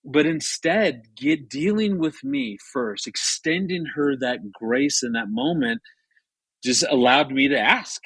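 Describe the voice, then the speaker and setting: Earnest husky man telling a story. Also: medium pitch, slow, no room sound. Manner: earnest, many restarts, animated when retelling. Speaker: marriage author and speaker, guest. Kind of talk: casual radio conversation, storytelling.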